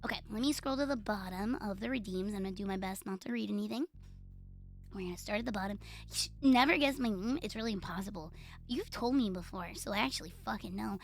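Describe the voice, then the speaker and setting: A woman's voice: mid-range voice, fast talker, creaky. Playful, profane Puerto Rican woman streamer. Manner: playful, profane, teasing and self-mocking. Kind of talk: casual live-stream chat.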